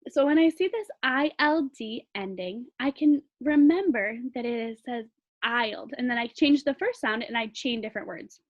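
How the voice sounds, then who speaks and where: A woman teacher giving a recorded phonics lesson, patiently sounding words out slowly for young learners. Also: on the high side, animated, highs cut off.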